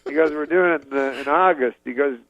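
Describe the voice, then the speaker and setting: A man doing an impression of a comedian telling a rambling, deadpan story, full of fillers and restarts, on dull lo-fi audio. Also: fairly high pitch, fast, dry recording.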